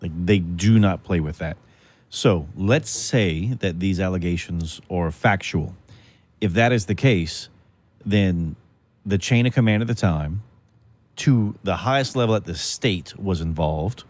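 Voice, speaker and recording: Deep-voiced radio co-host man. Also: a little mellow, no room sound. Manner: casual, cuts in with quick objections. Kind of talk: casual political talk radio. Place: radio studio.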